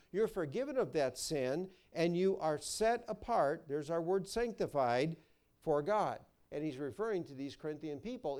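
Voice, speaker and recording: A man pastor preaching a sermon, reading verses slowly with emphasis and telling stories with bursts of animation. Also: a little high, warm tone.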